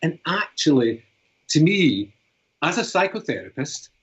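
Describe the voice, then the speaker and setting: British psychotherapist in his fifties, earnest and explanatory, husky, on a lo-fi line. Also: on the high side, big pitch swings, a little slow, fairly bright tone. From Britain. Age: 50s. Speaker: psychotherapist and author. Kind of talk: storytelling and interview talk. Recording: dull lo-fi recording.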